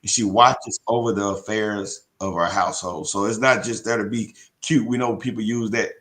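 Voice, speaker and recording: Low-voiced man co-hosting faith podcast. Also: steady tone, normal speed, a bit bright. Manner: easygoing, reads viewer comments aloud, scripture quotes. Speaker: podcast co-host. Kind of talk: casual faith talk show chat.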